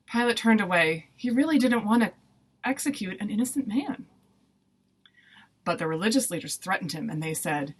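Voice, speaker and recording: A woman storyteller narrating a Bible story for children in a gentle, plain storytelling manner. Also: on the low side, moderate pace, slightly rough, poor audio. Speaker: Sunday school storyteller.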